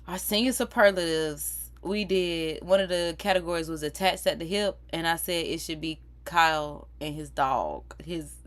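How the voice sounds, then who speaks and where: Her voice is deep, at normal speed with few pauses, over a rough recording. A livestream host in her 30s, she chats animatedly in a casual gossip session, swearing and laughing between stories.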